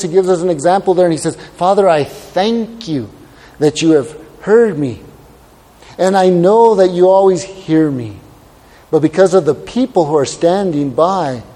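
A man's voice: sits high, mellow. Man preaching in a reverberant hall. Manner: preaching, rhetorical questions, drawn-out emphasis. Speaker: pastor. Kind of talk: sermon with scripture reading.

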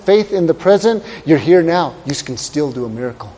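A man's voice: a little high, animated, brisk, warm tone, breathy edge, in a large hall. A male pastor preaching a sermon and reading scripture, asking rhetorical questions and drawing out words for emphasis.

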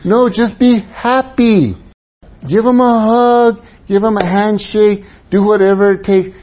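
A man preaching with a husky, mellow voice, pitched a little higher than most men. He drops into soft, low asides, then rises into raised, urging exhortation. The recording sounds dull and lo-fi. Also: lively intonation, takes it slowly. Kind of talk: sermon.

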